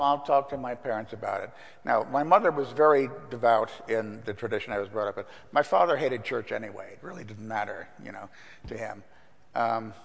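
Older pastor preaching in a reverberant church. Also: male voice, medium pitch, vocal fry. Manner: conversational, anecdotal, with fillers. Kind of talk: sermon. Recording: long reverb in a church hall.

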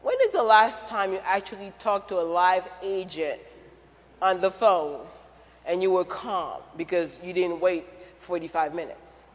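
A man's voice: high-pitched, unhurried. A man preaching a sermon in a church, conversational and jokey, asking the congregation questions. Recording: church hall reverb.

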